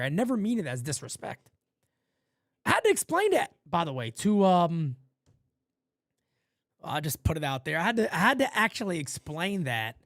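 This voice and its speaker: A man from New York calls a ballgame live for fans, his pitch leaping and dropping with every play. He talks blunt and salty, then slides into low asides between pitches. The sound is dry and close. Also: dry recording. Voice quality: profane, blunt street talk. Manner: animated, swings from loud calls to low asides. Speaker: fan stream play-by-play host. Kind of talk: live fan play-by-play with casual chat.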